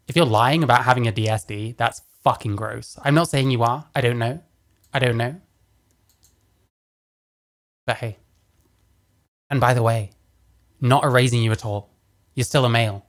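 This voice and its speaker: A man giving blunt, mocking, profane commentary as he reacts to a clip. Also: mid-range voice.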